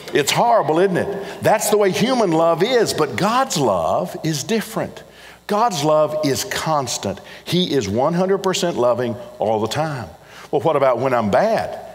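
A middle-aged pastor delivers an earnest sermon, leaning on repetition and questions to the congregation. His voice sits a little high for a man. It rings out with a long hall reverb around it. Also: sing-song, moderate pace. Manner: earnest, repetitive emphasis, addresses congregation directly. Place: church sanctuary.

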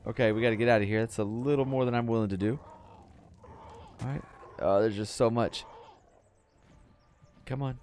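A young adult man casually commenting on his video game as he plays, chatty and breaking into excited yells when things go wrong. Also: medium pitch, moderate pace, long pauses, a little hiss or hum. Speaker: gaming channel host.

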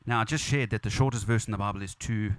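A low-voiced man talks fast while preaching a funeral sermon as pastor in a church or funeral venue, with no echo on the recording. His delivery is earnest and repetitive and builds in emphasis.

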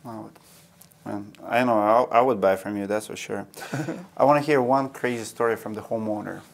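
A man's voice: on the low side, moderate pace, gravelly. A man with a Russian accent, a podcast host, asking short direct questions. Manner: brief reactions and direct questions. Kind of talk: interview questions.

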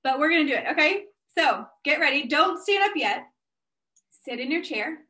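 Upbeat high-voiced woman presenter. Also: expressive, normal speed, pushed and bright. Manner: upbeat, chatty and encouraging, speaking straight to the audience. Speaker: guest speaker and business owner. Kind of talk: energetic workshop presentation.

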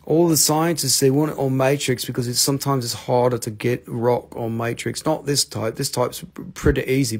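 A man hosts a live crystal sale, loose and jokey, wandering off into asides as he shows each piece. His mid-pitched voice has a strong gravelly fry running through it. He grew up in North Carolina. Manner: jokey, rambling, self-mocking. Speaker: host of a live crystal sales stream. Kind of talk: casual live sales chat.

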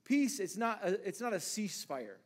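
A man's voice: sits high, big pitch swings, moderate pace, slightly rough. A man pastor preaching a sermon in a conversational way, often restarting words and acting out lines from scripture.

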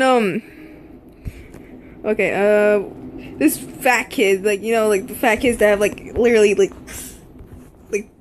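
A young woman telling a casual story, rambling with lots of fillers and swearing. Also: fairly high pitch.

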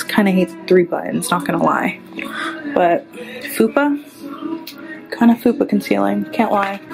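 A woman's voice: mid-range voice, gravelly, rough recording. A young woman vlogging a clothing try-on from a store fitting room, chatting candidly and bluntly about how each item fits. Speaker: fashion vlogger. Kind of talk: casual try-on haul chat. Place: store fitting room, later inside a car. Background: background music.

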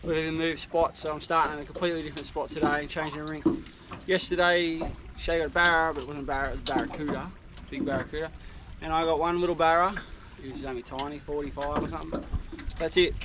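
A man talks casually to camera while fishing from a boat on a river, chatty and earnest, sometimes cheering loudly. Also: on the high side, steady tone, fast talker. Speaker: fishing vlogger. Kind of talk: casual outdoor vlog narration. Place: on a small boat on a tidal river outdoors. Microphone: head-mounted camera. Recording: noisy outdoor boat recording.

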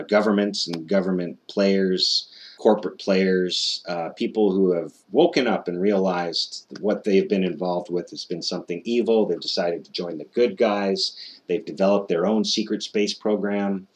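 A man giving a skeptical, sardonic commentary, with frequent "uh" fillers and restarts. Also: deep voice. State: out of breath.

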